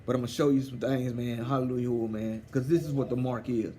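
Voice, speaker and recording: A man teaching a scripture study, excited and fervent in a preachy way. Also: mid-range voice, fast, slight background noise. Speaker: Bible teacher.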